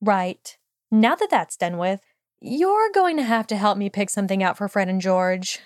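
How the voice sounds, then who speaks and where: A blunt, caring young witch chides her friend in a brisk, teasing way, voiced by a woman reading a fan fiction audiobook. The voice sits at a middling pitch. The sound is dry and close. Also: animated, no room sound, lightly acted.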